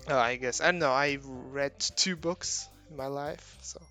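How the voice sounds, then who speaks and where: A man's voice: mid-range voice, measured pace, bright, forceful tone, faint music behind. A man playing a visual novel, reading its text aloud and joking, swearing and laughing between lines. He rolls his R's. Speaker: gamer.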